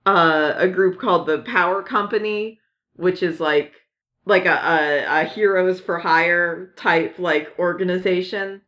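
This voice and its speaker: Podcast co-host, woman, slow and rambling, low-ish voice, lots of ums and giggles. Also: fairly bright tone, highs cut off. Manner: rambling, many fillers and restarts, giggly. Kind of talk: casual chat about comics.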